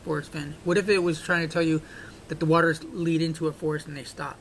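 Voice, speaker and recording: A man's voice: little pitch movement, fast talker, fairly bright tone, rough recording. A man, thinking aloud as he works through a puzzle, with many fillers and restarts. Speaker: puzzle-solving video creator. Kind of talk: casual on-screen analysis. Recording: faint rumbling background noise.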